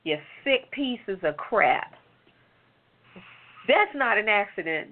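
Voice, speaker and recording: A woman's voice: mid-range voice, very animated, takes it slowly. A woman giving a heated, sarcastic commentary on a late-night talk show, firing off rhetorical questions. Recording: phone-like narrow sound.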